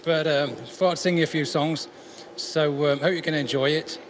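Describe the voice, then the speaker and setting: Chatty busker man, slightly high voice. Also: steady tone, normal speed, background noise. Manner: chatty, friendly, rambling. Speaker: busker and singer-songwriter. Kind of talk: casual vlog chat and street busking patter. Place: outdoors on a town street.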